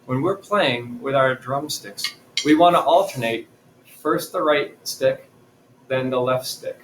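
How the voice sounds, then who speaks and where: A male music teacher giving a patient, clear drumming lesson in a classroom, chanting rhythms for his students. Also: mid-range voice, measured pace, fairly bright tone, reverberant, a little hiss or hum, rough recording. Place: classroom with a chalkboard.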